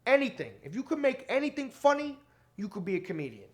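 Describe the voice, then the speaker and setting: A man doing an impression of an excitable male celebrity comedian, talking in loud high bursts. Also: quick pace, exaggerated voice. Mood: emphatic.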